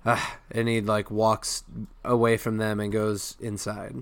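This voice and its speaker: A man's voice: fairly low pitch, monotone, unhurried, clean tone, no room sound. A man in a casual podcast chat, rambling as he recaps a cartoon and acts out its lines. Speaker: podcast co-host.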